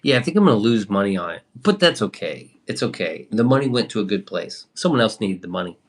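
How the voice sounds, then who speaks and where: Casual male streamer, lowish voice, rambly, reads chat and swears a bit. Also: very animated, fast. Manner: loose and rambling, swears, reads out and answers viewer comments. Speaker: livestream host.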